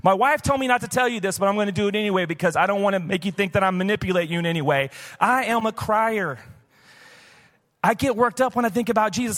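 This Missouri Boot Heel pastor talks fast in a high, fairly bright voice that carries a big-room sound. His live sermon in the church auditorium is loose, candid, and chatty, dotted with plenty of "like"s.

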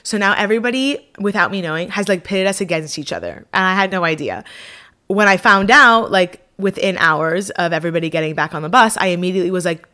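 A young woman vlogger telling a personal story in a casual, animated way, full of fillers and dramatic self-mockery. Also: medium pitch, a little fast.

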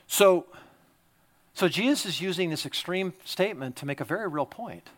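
A male pastor preaching a sermon, emphatic, swinging between loud exhortation and quiet, confiding asides. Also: sits high, animated, normal speed.

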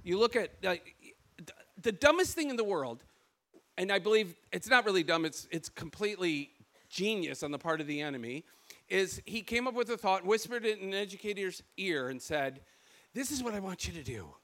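A man from Michigan with a Michigan accent, preaching a sermon in an animated storytelling way. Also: high-pitched, moderate pace. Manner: animated storytelling, acts out quoted voices.

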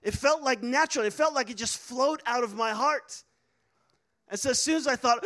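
A man's voice: extremely high pitch, normal speed, sharp tone. A man preaching a sermon, telling a personal story earnestly with many fillers and restarts. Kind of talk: sermon testimony.

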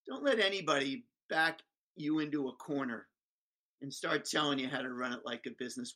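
A man telling a story as a guest, lively and self-mocking, acting out the dialogue. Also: on the high side. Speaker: guest speaker. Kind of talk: animated storytelling.

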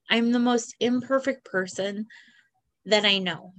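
A woman in her forties speaks alone on her podcast, tearful and halting. She talks slowly and earnestly, in a voice a little higher than most women's. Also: a bit bright. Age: 40s. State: crying. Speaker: podcast host. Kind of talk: personal monologue.

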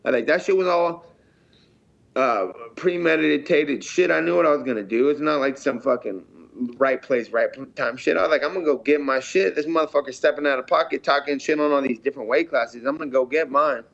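In this casual interview, a fighter speaks a little fast in a gravelly, fairly high and slightly bright voice. He is blunt and very profane, frequently re-enacting his own earlier comments, and the audio is dull and lo-fi.

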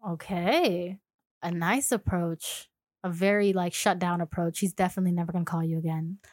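A woman's voice: on the low side, moderate pace, darkish tone, no room sound, studio quality. A woman chatting casually as a podcast co-host, playfully acting out little scenes and dropping into a sultry voice. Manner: playful, acts out scenarios, drops to a sultry voice. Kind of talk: casual chat.

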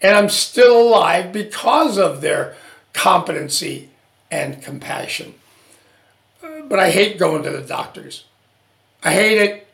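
A man hosting a podcast, telling a personal story in an animated way and acting out the dialogue. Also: high voice, unhurried, creaky, roomy sound. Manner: animated, acts out quoted dialogue. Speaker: podcast host. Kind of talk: storytelling monologue.

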